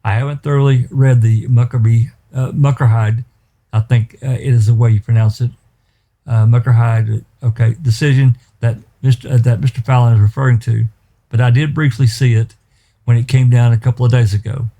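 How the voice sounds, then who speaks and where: A male defense attorney answers the prosecution before the judge, pointed and emphatic. His voice is deep and dark, and his speech is peppered with fillers. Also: fairly even intonation, brisk. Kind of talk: courtroom legal rebuttal. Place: courtroom.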